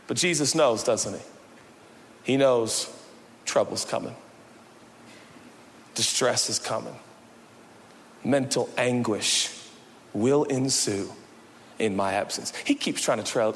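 Male pastor, lively sermon with shouted peaks and soft asides; bright voice echoing in a big church hall. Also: mid-range voice, moderate pace. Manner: animated, swings from shouting to quiet, playful asides. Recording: long hall reverb, faint background noise.

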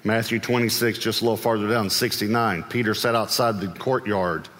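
A man preaching a sermon with humor, acting out scripture voices and breaking into sudden shouts. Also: fairly low pitch, fairly even intonation, a little fast, in a large hall. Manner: humorous, acts out Bible voices, bursts into shouts.

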